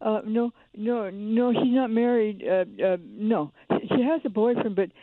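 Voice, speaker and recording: A woman's voice: fairly high pitch, unhurried, no room sound. Older woman pleading over a phone line. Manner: pleading, repetitive, stumbling, calls host hon. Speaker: caller. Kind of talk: phone call to radio show.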